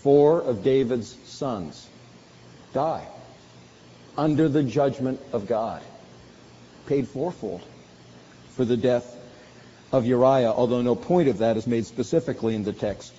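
A man's voice: medium pitch, a little slow, long pauses, warm tone, slight background noise. A man preaching a sermon, with dramatic bursts when he acts out quoted lines. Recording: dull sound with long hall reverb.

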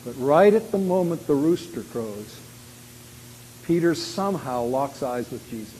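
A man preaching a sermon. He acts out quoted lines loudly and drops to a quiet voice when he reflects. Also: mid-range voice, expressive, measured pace. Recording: long hall reverb with faint hiss.

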